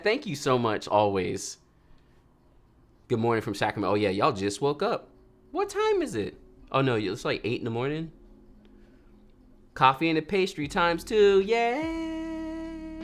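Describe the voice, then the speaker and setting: A man, casually chatting with viewers on his photography livestream and joking as he reads their messages. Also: on the low side. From North Carolina, USA. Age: 30s. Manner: lively, jokey, reads chat aloud, acts out quotes. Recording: faint music behind.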